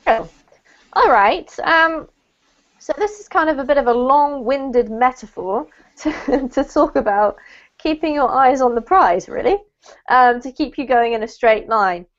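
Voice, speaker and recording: A woman's voice: sits high, expressive, unhurried. Encouraging woman teacher on a muffled call. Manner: encouraging, corrects pronunciation. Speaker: English teacher. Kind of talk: online English lesson. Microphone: video call. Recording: muffled online call audio.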